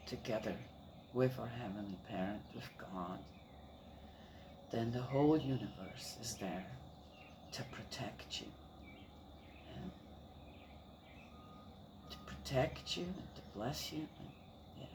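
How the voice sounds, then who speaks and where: This grandmother has a bass voice and talks slowly, pausing frequently, while background noise runs underneath. Her casual chat wanders through family stories with warmth, laughter, and plenty of repeated fillers.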